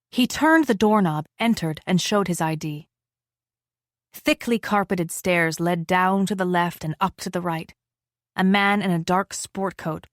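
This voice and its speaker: A woman narrating an audiobook thriller in a steady, measured reading, giving the characters their lines. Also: lowish voice, no room sound, clean studio sound. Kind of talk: scripted narration.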